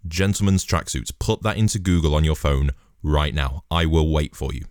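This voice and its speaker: A man's voice: very deep voice, steady tone, normal speed, few pauses, dry recording, clean studio sound. A man delivering a rambling, sweary, sardonic comedic monologue in a casual style.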